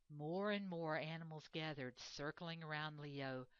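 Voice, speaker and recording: A woman reading a children's storybook aloud in an expressive, measured way. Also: deep voice, clean tone, no room sound. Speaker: reader. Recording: dull lo-fi dry recording.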